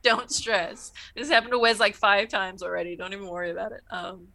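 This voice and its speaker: A woman's voice: medium pitch, fast talker, creaky, sharp tone. A woman co-hosting a casual chat about a TV episode. She swears freely, laughs often and acts out the characters' lines. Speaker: podcast co-host.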